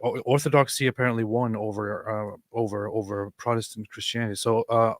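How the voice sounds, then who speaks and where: A man's voice: on the low side, fairly even intonation, a little fast, no room sound. A man co-hosting a live reaction stream, talking in a sarcastic, mocking way. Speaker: co-host.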